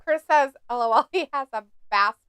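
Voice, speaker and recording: A woman's voice: high-pitched, moderate pace, a bit bright, dry recording. A woman co-hosting a live stream, chatting casually, laughing often and reading viewer comments aloud. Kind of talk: casual watch-along chat.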